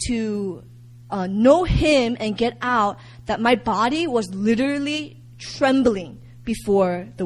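A young adult woman sharing a personal faith testimony, candid and animated, often laughing as she tells it. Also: on the high side, rough recording.

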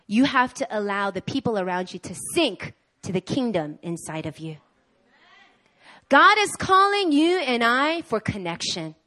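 A woman preaching a sermon at a church service in an animated way, acting out the voices she quotes. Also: on the high side, measured pace. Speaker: guest preacher.

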